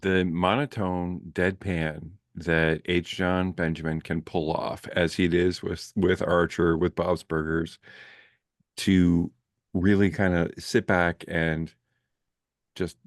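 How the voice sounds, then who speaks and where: A man's voice: deep voice, flat delivery, slow pace, no room sound, studio quality. A man from Canada, a guest on a casual movie review chat, talking in playful, enthusiastic bursts.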